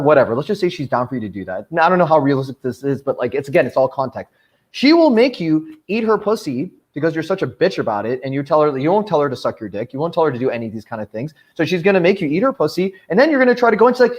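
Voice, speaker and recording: A male podcast host who talks quickly and somewhat high, pressing his points in blunt, crude bursts. His delivery is casual chat that turns into a rant. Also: animated, darkish tone, muffled recording. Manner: emphatic, ranting, crude.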